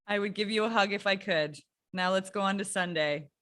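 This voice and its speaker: A woman's voice: medium pitch, fairly quick, a bit bright. Giggly woman improv host. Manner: giggly, upbeat. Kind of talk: live improv show hosting.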